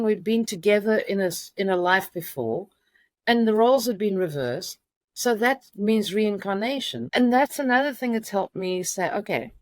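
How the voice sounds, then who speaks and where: A middle-aged woman telling a personal story as an interview guest, halting with many restarts. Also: mid-range voice, no echo.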